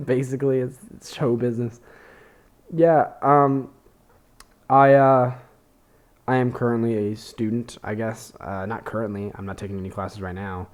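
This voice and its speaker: A man's voice: mid-range voice, steady tone, unhurried, long pauses, darkish tone. A young man, hosting a podcast, telling rambling, self-deprecating comedy stories full of fillers and swearing. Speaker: podcast host. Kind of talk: casual comedic monologue.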